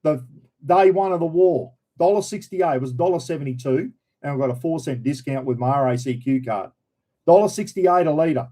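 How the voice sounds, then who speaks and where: An Australian man hosts a casual livestream chat and answers viewers' comments. He talks in a blunt, opinionated way and drops in plenty of slang. His voice is mellow and warm, and it sits a touch higher than most men's. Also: a little fast, poor audio. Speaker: livestream host.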